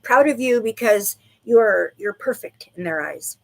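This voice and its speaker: A woman's voice: mid-range voice, expressive, a little slow, creaky. A woman giving intuitive readings to viewers on a livestream, bubbly and giggly, full of "like" and "okay". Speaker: livestream psychic reader.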